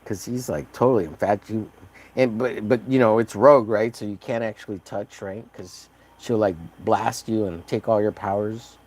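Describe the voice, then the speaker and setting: A man's voice: fairly low pitch, steady tone, moderate pace, a little mellow, slightly rough. A man chatting casually on a livestream while painting, rambling and joking at his own expense. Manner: rambling, jokey, self-deprecating. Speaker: livestreaming artist.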